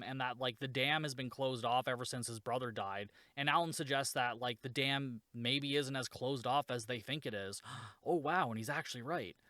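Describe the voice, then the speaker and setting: A man's voice: medium pitch, a bit bright, no echo, clean studio sound. Sarcastic man recapping a movie. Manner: sarcastic, swears, lots of "like". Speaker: podcast host reviewing a shark movie. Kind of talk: casual spoken movie recap.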